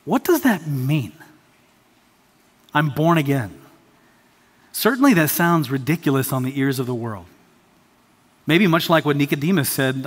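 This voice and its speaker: A man's voice: fairly high pitch, expressive, measured pace, long pauses. Emphatic preaching man in a reverberant hall. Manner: emphatic preaching, repeats key phrases. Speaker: pastor. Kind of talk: sermon. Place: church sanctuary.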